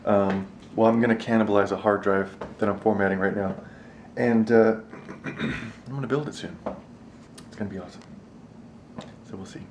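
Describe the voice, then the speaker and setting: A man's voice: fairly even intonation, moderate pace, pauses often, a little hiss or hum. A man talking casually and rambling in a vlog at home, joking as he goes. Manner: rambling and jokey, slipping into a high baby-talk voice for his dog. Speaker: vlogger.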